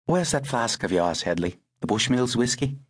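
A man's voice: medium pitch, animated, normal speed, breathy edge, no room sound, clean studio sound, pitched above the performer's own voice. A man reading the lines of a poised, wry older upper-class woman in an audiobook.

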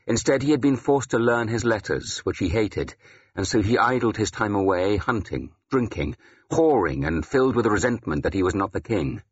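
Deep, husky male audiobook narrator. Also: expressive, moderate pace, muffled recording. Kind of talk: first-person scripted narration.

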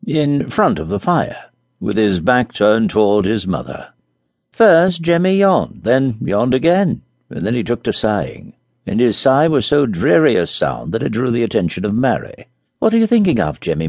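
A man gently reading a classic story aloud as an audiobook narrator, close to a studio mic. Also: on the low side, creaky, no echo.

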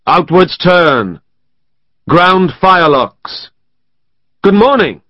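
A man's voice: fairly high pitch, expressive, fast, a bit bright, dry recording, pitched above the performer's own voice. A man voicing a tall, brusque army officer who barks clipped orders, in an audiobook. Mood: commanding. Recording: dry, slightly muffled studio.

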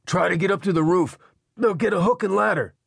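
A man voicing a grown man shouting urgent warnings to neighbors. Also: high-pitched, fairly quick, gravelly, slightly rough, no room sound, studio quality, voice pushed up, heavily acted.

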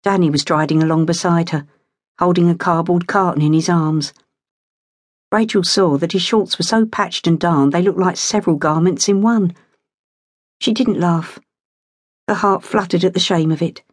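Audiobook narrator, woman, lowish, measured, dry booth sound. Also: dry recording. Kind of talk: scripted narration.

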